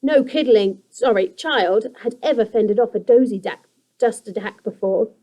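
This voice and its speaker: A young woman teacher reads a children's chapter book aloud to her class. Her voice sits a touch high and she keeps an even, expressive storytelling pace. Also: moderate pace, poor audio.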